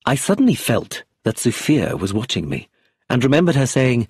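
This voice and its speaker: A man narrating a story in a scripted reading voice, husky and breathy, close to the mic. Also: medium pitch, big pitch swings, normal speed, darkish tone, dry recording. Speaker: audiobook narrator.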